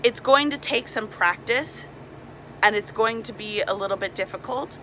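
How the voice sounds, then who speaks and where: A woman's voice: mid-range voice, moderate pace, a bit bright, slight background noise, rough recording. A young woman, a mermaid performer, casually explaining swim tips and demonstrating nasal sounds.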